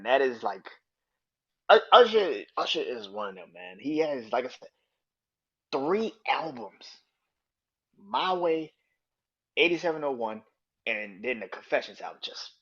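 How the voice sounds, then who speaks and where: Profane, excited man hosting a podcast. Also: medium pitch, muffled recording. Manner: loose, profane, enthusiastic, laughs often. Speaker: podcast host. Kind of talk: casual solo podcast monologue.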